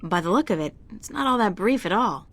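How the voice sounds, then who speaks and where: A woman's voice: medium pitch, expressive, fairly quick, a bit bright, slightly rough. An actress voicing a young female adventure-game heroine who makes dry, wry remarks on what she sees. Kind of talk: video game voice acting.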